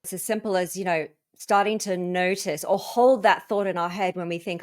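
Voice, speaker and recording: A woman hosting a wellness podcast in a casual conversational way, acting out her own inner thoughts with lively emphasis. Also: lowish voice, fairly quick. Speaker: podcast host.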